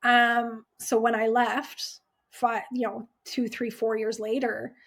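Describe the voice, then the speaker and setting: A woman's voice: on the high side, flat delivery, takes it slowly. A woman in her thirties, an ER nurse guest, telling her story candidly with emotion and many "like" fillers.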